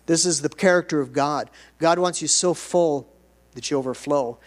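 A man's voice: a little high, moderate pace. A man pastor preaching a sermon, moving between conversational asides and bursts of emphatic delivery.

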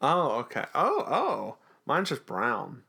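Chatty male podcast co-host with a lively, swinging voice, jokey recap banter. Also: mid-range voice, slow, vocal fry, slightly rough. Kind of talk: casual recap chat.

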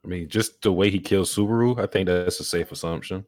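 A man co-hosting a podcast in casual chat, measured and to the point. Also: sits low, darkish tone. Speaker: podcast co-host.

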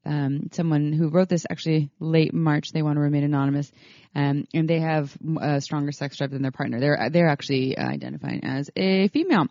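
A woman's voice: sits low, steady tone, fairly quick, warm tone, no echo, lo-fi sound. A woman co-hosting a podcast, talking casually with many fillers and restarts. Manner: chatty, lots of fillers and restarts. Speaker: podcast co-host.

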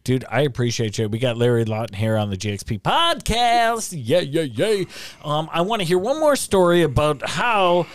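A man hosts a casual podcast chat, eager and slangy as he draws out his guest. His voice sits fairly high and bounces with lively swings. The recording is close and dry. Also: normal speed, no room sound. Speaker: podcast host.

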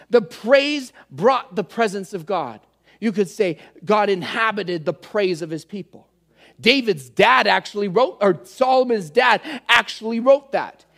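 A man's voice: extremely high pitch, a bit bright. A man preaching a conversational teaching sermon, earnest and speaking straight to his listeners as he explains word meanings.

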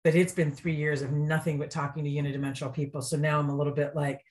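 A woman's voice: deep voice, little pitch movement, fast, few pauses, darkish tone. A woman guest on an interview podcast, a restaurant consultant, talking earnestly and with enthusiasm in casual chat.

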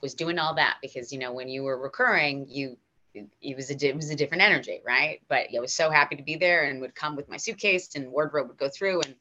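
An American woman with a low, bright, forceful voice tells stories as a guest in a casual interview. She talks in an animated, emotional way, often restarting her sentences. The recording is a bit dull and lo-fi. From United States. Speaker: guest actor.

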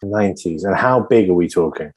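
A man's voice: low-pitched, husky. A man co-hosting a podcast, rambling and joking as he guesses. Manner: rambling, jokey, quick to laugh. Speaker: podcast co-host. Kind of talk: casual comedic chat.

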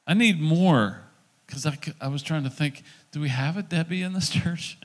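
A middle-aged man preaching, his voice sitting a little above the usual male pitch. He tells the story as a sermon and acts out each quoted line with lively swings in his delivery. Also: fairly quick. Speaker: pastor.

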